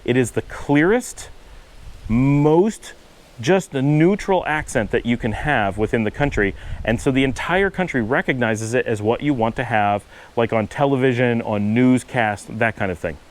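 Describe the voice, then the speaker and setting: A man's voice: mid-range voice, expressive, moderate pace, poor audio. A middle-aged man from Western New York with a Buffalo accent, talking casually and patiently, with asides and self-corrections. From Western New York, USA. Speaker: channel host. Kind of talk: casual explanatory monologue.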